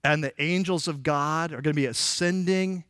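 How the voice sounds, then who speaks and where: A man's voice: fairly high pitch, moderate pace, a bit bright, smooth, no echo, clean studio sound. Casual, joking male pastor. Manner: conversational, jokey, acts out quoted lines. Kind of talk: casual sermon.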